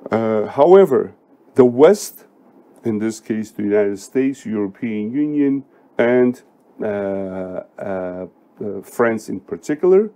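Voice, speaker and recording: A middle-aged man giving unscripted political commentary, deliberate and emphatic, with frequent hesitations. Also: fairly low pitch, expressive, mellow.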